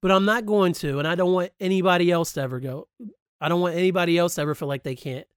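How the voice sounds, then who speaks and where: A man's voice: sits high, fairly even intonation, quick pace, clear, resonant tone, dry recording, clean studio sound. A man hosting a podcast, talking candidly and emphatically in a personal monologue, swearing freely. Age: adult, grew up past high school. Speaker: podcast host.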